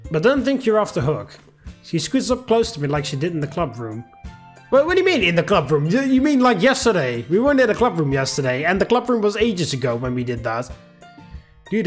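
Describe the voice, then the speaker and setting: A man reading a visual novel aloud and commenting, animated, laughing often and rambling in asides. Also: fairly high pitch. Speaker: gameplay commentator.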